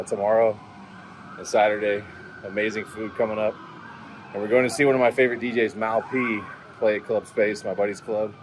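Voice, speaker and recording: Chatty low-voiced man vlogging on a phone. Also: noisy background. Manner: chatty storyteller who acts out quotes. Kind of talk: casual vlog chat. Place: on the go: home, car, airport lounge.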